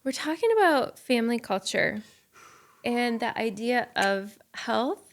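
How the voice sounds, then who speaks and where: A woman's voice: on the high side, animated, unhurried. A woman from Minnesota co-hosting a podcast, explaining her ideas in an earnest, thoughtful way. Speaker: podcast co-host. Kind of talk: casual podcast chat.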